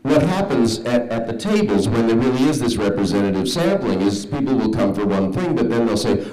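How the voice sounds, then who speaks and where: A man's voice: on the low side, animated, brisk, hardly any pauses, mellow, faint music behind. A man speaking earnestly as a voice-actor panelist, rambling and restarting sentences, in a large convention hall on a handheld mic.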